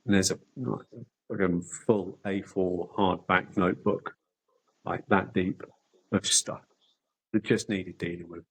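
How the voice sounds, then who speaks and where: A man's voice: low-pitched, steady tone, unhurried, vocal fry, fairly bright tone, slightly rough, poor audio. A middle-aged man telling his personal story candidly as a podcast guest, swearing often and restarting sentences.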